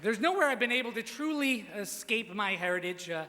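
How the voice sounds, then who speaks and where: A young man doing a crude, self-deprecating roast set on a stage mic, his punchlines jumping up into shouts. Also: sits high, animated, fairly quick. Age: young adult. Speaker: roast speaker. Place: large hall with audience. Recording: live hall recording with reverb.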